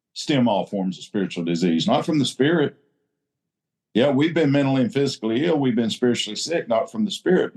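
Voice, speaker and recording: A man giving a blunt, salty talk at a recovery group meeting, leaning into his points like a preacher. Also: medium pitch.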